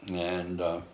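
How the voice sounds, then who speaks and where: Slow, deep-voiced man rambling. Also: a little mellow. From Canada. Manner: rambling, many fillers and tag questions. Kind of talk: rambling personal storytelling. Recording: echoey room, faint ambient noise.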